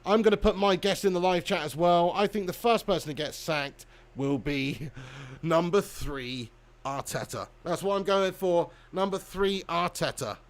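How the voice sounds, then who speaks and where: High-voiced chatty lad. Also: male voice, normal speed. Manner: chatty, laughs often, excitable at chances. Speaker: football watch-along host. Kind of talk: casual live-stream chat and commentary.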